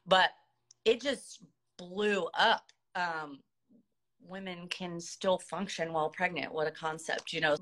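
A woman in her thirties from the United States, telling a story in a chatty, animated way, laughing often as a podcast guest. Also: on the low side. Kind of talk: casual storytelling.

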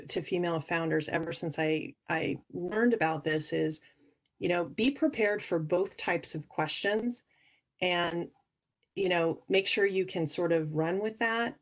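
A woman guest on a podcast, explaining earnestly how investors judge founders, often restarting her sentences. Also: on the low side. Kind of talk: podcast interview answers.

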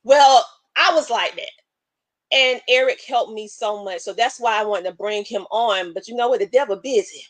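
Animated emotional woman hosting a live show. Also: on the high side, normal speed, no room sound. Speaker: show host. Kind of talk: live online show chat.

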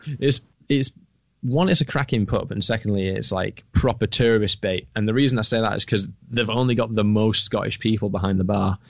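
A man's voice: on the low side, fairly quick, creaky, dry recording, lo-fi sound. A man co-hosting a podcast in casual, sweary chat, often restarting his sentences. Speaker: podcast co-host.

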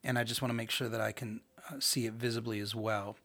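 A Bible teacher leading a recorded study session, animated and folksy, who often checks in with listeners by asking "right?". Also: medium pitch, fast. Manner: animated, acts out scripture characters, folksy slang.

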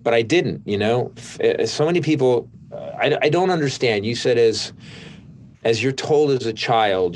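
A man's voice: mid-range voice, expressive, normal speed, slight background noise. A middle-aged male comedian telling stories in casual conversation, rambling with lots of restarts. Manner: rambling storytelling with many restarts. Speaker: comedian, guest.

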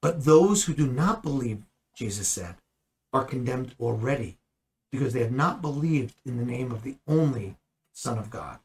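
A man's voice: medium pitch, lively intonation, normal speed, breathy edge, low-quality recording. A man teaching the Bible in a conversational way, earnest and at times emphatic. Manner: earnest, rising to emphatic bursts.

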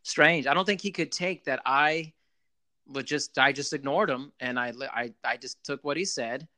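A man, a former club general manager, chatting casually and telling an animated story, with lots of "you know". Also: mid-range voice, normal speed, no echo, clean studio sound.

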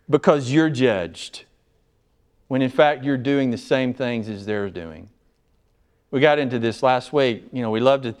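A male pastor teaches a small group through a Bible passage. His voice is smooth and resonant at an average pitch. He talks earnestly and with emphasis, stopping often to ask the group whether they follow.

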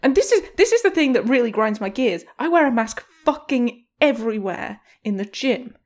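A woman's voice: a little high, big pitch swings, normal speed, darkish tone. A woman podcast co-host ranting in casual chat, furious and swearing heavily. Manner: furious, heavy swearing rant.

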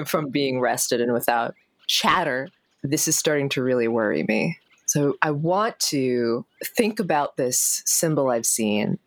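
A woman's voice: very deep voice, no echo. A woman playing her character in a tabletop game, thoughtful and sighing. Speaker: player. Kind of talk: in-character tabletop role-play.

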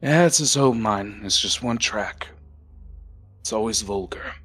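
A man with a very raspy, somewhat low voice plays a tabletop game. He talks gruffly and jokes around. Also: measured pace, fairly bright tone, faint music behind. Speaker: tabletop player.

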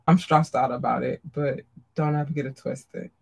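A woman hosting a podcast, chatting casually and affectionately with listeners and often jumping into a squeaky high voice for greetings. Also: fairly even intonation, slow pace, vocal fry. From Maryland, USA. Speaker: podcast host. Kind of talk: casual livestream shout-outs.

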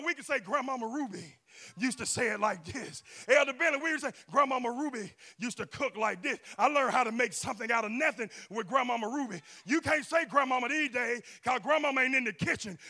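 A man preaching in a church, shouting and chanting his lines and calling for the congregation to answer back. His voice sits very high and has a gravelly edge. The tone is piercingly bright. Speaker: pastor. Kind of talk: sermon. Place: church sanctuary.

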